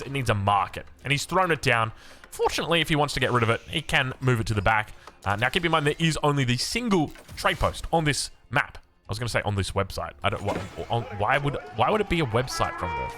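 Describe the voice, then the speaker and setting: A man's voice: medium pitch, pushed and bright. An Australian man casting a strategy game, chatty and self-mocking, drifting into rambling asides. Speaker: game caster. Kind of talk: casual game commentary.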